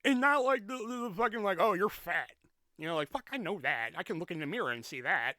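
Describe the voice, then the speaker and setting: A podcast host telling a story in a rambling, profane, animated way, in a casual storytelling rant. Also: male voice, high-pitched, a little fast, dry recording. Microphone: podcast mic with pop filter.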